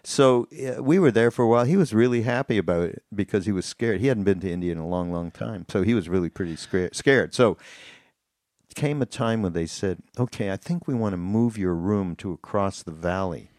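A man hosting a podcast, talking in a relaxed, rambling way with lots of "uh"s. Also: lowish voice, brisk, no room sound, studio quality. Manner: relaxed and rambling, with many fillers and restarts. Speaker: podcast host. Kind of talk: casual chat.

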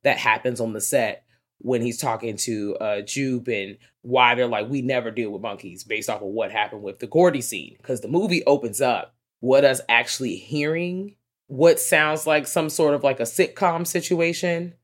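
An excitable co-host chatting through a movie review, rambling and cursing freely. The voice sits at a middle pitch. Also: normal speed. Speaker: podcast co-host. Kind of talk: casual movie review chat.

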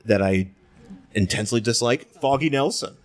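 A man co-hosting a podcast in casual chat, animated and profane, getting worked up as he rants. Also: mid-range voice, normal speed. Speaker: podcast co-host.

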